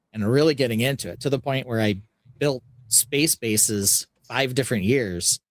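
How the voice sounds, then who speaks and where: A man's voice: mid-range voice, no room sound. A man hosting a podcast, talking casually and rambling a little as he recalls past projects. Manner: relaxed, rambling with restarts. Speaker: podcast host and builder.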